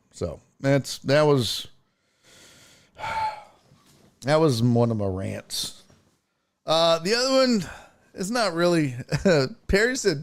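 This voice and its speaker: Stream host, male, profane and exasperated, mimics people mockingly, slightly high and very lively. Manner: slips into mocking voices for quotes. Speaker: show host. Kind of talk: casual live-stream rant.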